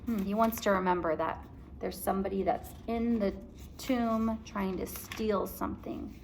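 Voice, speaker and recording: Expressive woman teacher reading aloud. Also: medium pitch, gravelly, slight background noise. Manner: slow, explanatory, expressive.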